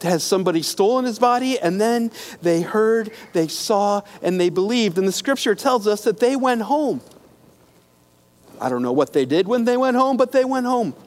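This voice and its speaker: A man with a notably high voice delivers a sermon, retelling scripture as a story. He leaves pauses, corrects himself here and there, and sinks into hushed, quiet passages. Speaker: preacher.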